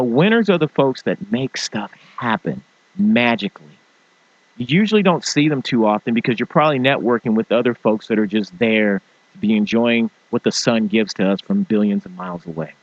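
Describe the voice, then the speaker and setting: Animated male talk host, dull dry sound. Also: mid-range voice, dry recording. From small-town farming family. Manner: animated, mimics people in funny voices. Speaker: show host. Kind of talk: motivational talk show rant.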